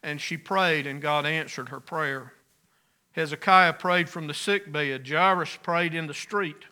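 Bright-voiced man preaching a sermon. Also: fairly high pitch, a little slow. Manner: earnest preaching, swelling louder on key phrases then dropping soft. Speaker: pastor.

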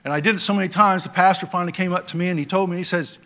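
A male pastor preaching a sermon in a folksy storytelling way, with many fillers and swings between loud emphasis and quiet asides. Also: high-pitched, fairly even intonation, rapid-fire, hardly any pauses.

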